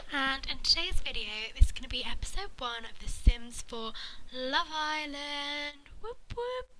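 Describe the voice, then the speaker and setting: A woman's voice: high voice, noisy background. A woman hosting her gaming channel, giving chatty, jokey commentary with flustered asides as she introduces characters. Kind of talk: casual gameplay commentary.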